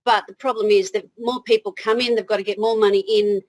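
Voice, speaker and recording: A woman's voice: mid-range voice, steady tone, quick pace, poor audio. A woman with an Australian accent, a guest in an interview, telling her story in a chatty way, laughing easily and often restarting her sentences.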